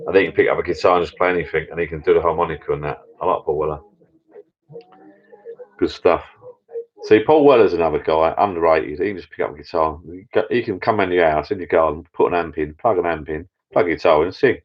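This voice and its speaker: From his home bar room, a channel host rambles through a casual live chat with viewers, chatty and constantly restarting his sentences. He has a deep voice, talks fast, and the sound is dull and lo-fi.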